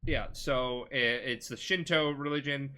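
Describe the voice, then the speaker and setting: Tipsy man rambling, bright tone. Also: mid-range voice, measured pace, clear, resonant tone. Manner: rambling, swears a lot, restarts mid-word. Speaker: podcast host explaining a video game. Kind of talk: casual comedic retelling.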